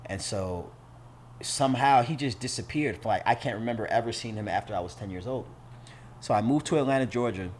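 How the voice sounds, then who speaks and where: This St. Louis man, a guest on a podcast, spins a story in slangy, casual talk full of swearing, loudly performing the lines he quotes with animated flair. He speaks at a medium pitch and fairly quickly, with slight background noise.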